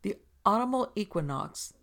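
A woman reading aloud and voicing an excitable young girl who eagerly tells a spooky tale. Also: lowish voice, moderate pace, vocal fry. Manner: breathless, eager, insistent.

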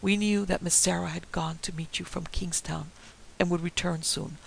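A man's voice: high voice, fairly even intonation, normal speed, vocal fry, fairly bright tone, a little hiss or hum, heavily acted, poor audio. A man doing a fussing woman servant. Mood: nervous. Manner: flustered, deferential.

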